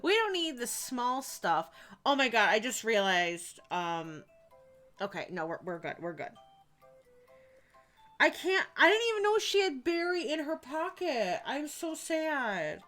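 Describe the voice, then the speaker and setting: A woman's voice: a little high, sing-song, a little slow, fairly bright tone, soft background music, rough recording. A young woman live-streaming a game, chatting casually, reacting to what happens on screen and answering her chat. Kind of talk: casual gameplay commentary.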